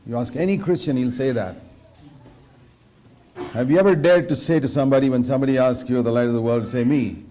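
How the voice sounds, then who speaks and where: A man's voice: medium pitch, brisk, long pauses, mellow. A man preaching a sermon in an earnest way, quoting scripture and questioning his listeners directly. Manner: quotes scripture verse by verse.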